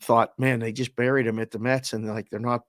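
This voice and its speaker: A man's voice: medium pitch, little pitch movement, a little fast, fairly bright tone, dry recording, studio quality. Rambling man who talks betting. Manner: rambling, stammering restarts. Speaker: sports betting show co-host, former bookmaker. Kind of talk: casual sports debate.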